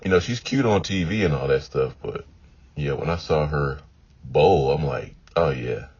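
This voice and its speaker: A man's voice: a bass voice, normal speed, darkish tone. A man talking in a casual, meandering monologue, often repeating himself and leaning on "you know.". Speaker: vlogger. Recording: dull lo-fi audio with faint noise.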